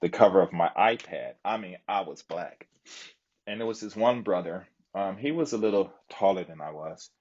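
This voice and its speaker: Deep husky man, rambling story. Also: expressive, normal speed, darkish tone, dull audio. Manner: rambling, many fillers and asides. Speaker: live streamer. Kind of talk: casual storytelling chat.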